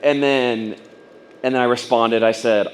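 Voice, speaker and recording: A man at a business training event shares a personal story with an audience of fellow business owners, rambling and casual, with plenty of fillers and acted-out quotes. His mid-range voice is steady and a little slow, with a little hiss or hum.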